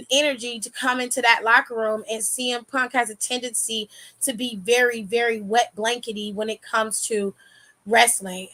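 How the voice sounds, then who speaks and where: Animated woman giving casual wrestling takes. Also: a little high. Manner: animated, expressive, swears freely, laughs often. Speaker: wrestling commentary vlogger. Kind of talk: casual reaction commentary.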